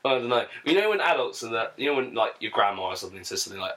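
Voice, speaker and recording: A young man chatting on a podcast with jokey, quick reactions. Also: mid-range voice, animated, a bit bright, rough recording. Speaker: podcast co-host. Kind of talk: casual group chat.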